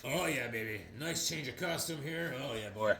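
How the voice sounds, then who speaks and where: A man voicing a brooding, defiant male vigilante in a low, quiet mutter. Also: normal speed, vocal fry. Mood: sly.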